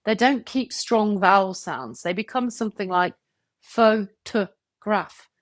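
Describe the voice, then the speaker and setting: A woman giving a scripted English pronunciation lesson, clear and measured, stretching example words to show stress. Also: mid-range voice, lively intonation, no room sound, clean studio sound. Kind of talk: scripted tutorial narration.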